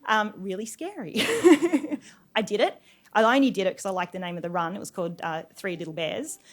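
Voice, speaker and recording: Young woman guest speaker, chatty storytelling with slides, laughs a lot, middle pitch. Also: animated, moderate pace. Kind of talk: informal talk with slides.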